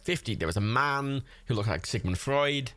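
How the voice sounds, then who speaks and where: A man's voice: medium pitch, expressive, moderate pace, a bit bright, dry recording. A man from Ireland hosting a livestream watch party, chatting casually, swearing a lot and laughing often. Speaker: livestream host. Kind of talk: casual chat during a movie watch party.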